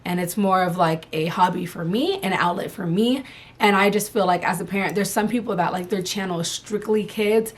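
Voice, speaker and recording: Casting: young woman, a relaxed and frank mom vlogger speaking casually at home, unscripted. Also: medium pitch, fairly quick. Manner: frank, candid, loose and chatty. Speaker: mom vlogger answering viewer questions. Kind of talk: casual chat.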